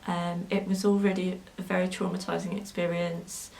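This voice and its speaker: A woman's voice: on the low side, little pitch movement, normal speed, gravelly, a little mellow, a little hiss or hum, low-quality recording. A young woman telling a personal story to camera in a sewing vlog, hesitant and full of ums, at times emotional. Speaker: sewing vlogger.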